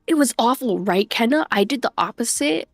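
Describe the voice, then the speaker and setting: Animated and a little high-pitched, this young streamer talks at a normal pace into a desk mic at home, with no echo and soft music underneath. She greets people from chat by name and laughs a lot.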